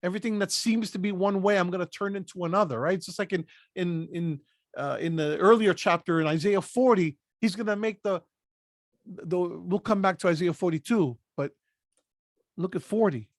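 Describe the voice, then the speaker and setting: A man's voice: sits high, moderate pace, no room sound, studio quality. A man leading a Bible study, reading scripture aloud and breaking in with short emphatic asides. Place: lives in Pennsylvania.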